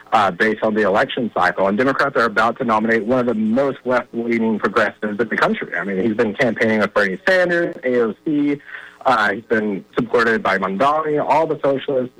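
A man talks politics in an easy, emphatic way, leaning on plenty of "uh"s as he makes his points. His voice is bright and forward, and the recording is dry and close, with no room sound. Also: lowish voice, no room sound, poor audio. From Virginia. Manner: conversational, filler-heavy, emphatic. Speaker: guest commentator on a phone-in line. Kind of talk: political commentary.

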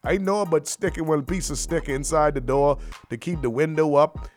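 A man hosting a radio show, talking in loose, slangy, joking patter full of shout-outs. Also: on the high side, normal speed, faint music behind. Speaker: radio host.

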